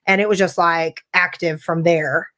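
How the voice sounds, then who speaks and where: A woman from California, a paranormal investigator, talking in a chatty, animated way full of "like" and "you know". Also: lowish voice, moderate pace. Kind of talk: casual podcast chat.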